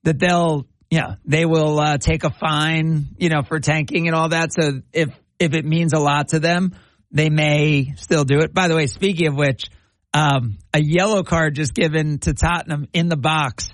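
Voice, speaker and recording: A man's voice: on the high side, steady tone, normal speed, no echo. A man hosting a sports podcast, chatting casually and reading out live match updates. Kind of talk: casual sports talk and commentary.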